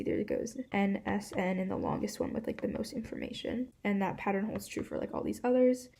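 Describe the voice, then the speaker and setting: Woman host doing a puzzle walkthrough, mellow warm voice, laid-back, lots of "like" and "kind of". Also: mid-range voice. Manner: casual, hedging with frequent "like" and "kind of".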